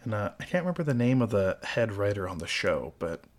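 A man hosting a casual podcast chat, measured and wry with a dry sense of humor. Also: fairly low pitch, very animated. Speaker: podcast host.

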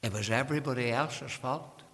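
A man preaching a sermon with great passion, swinging from loud cries to hushed endings and calling the listener "friend". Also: mid-range voice, normal speed, in a large hall. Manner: addresses the listener directly as friend.

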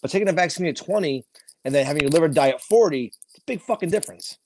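A man's voice: a little high, lively intonation, fast, slight background noise. A man talking bluntly and profanely in a casual chat, rambling through stories with lots of restarts.

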